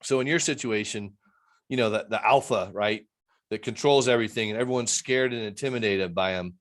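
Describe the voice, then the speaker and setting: A man's voice: on the low side, brisk. A man who works as an addiction interventionist, a guest on a video-call interview, talking in an earnest, rambling way and acting out the people he quotes.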